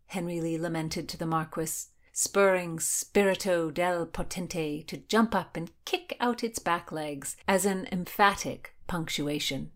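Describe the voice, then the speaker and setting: A woman reads a historical novel aloud in a measured, expressive storytelling voice. Her pitch sits on the low side. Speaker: narrator. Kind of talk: audiobook narration.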